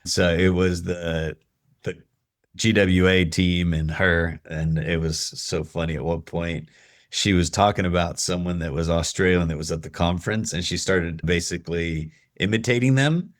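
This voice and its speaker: A man hosting a podcast, chatting casually and telling lively stories. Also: low voice, normal speed, no room sound, studio quality. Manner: chatty storyteller, animated when laughing. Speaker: podcast host. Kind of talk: casual conversation.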